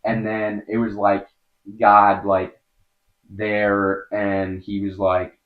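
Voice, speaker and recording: A young man with a lowish voice tells his own story as a podcast guest, earnest and halting, leaning on filler words as he goes. The recording sounds a little dull and lo-fi. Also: monotone. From Wisconsin, USA. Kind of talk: personal storytelling in an interview.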